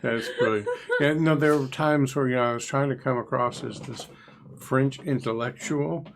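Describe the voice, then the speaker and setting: A man's voice: mid-range voice, moderate pace, creaky, background noise. A man co-hosting a casual game review podcast, chatty and musing, often trailing into asides. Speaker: podcast co-host, player. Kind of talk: casual discussion.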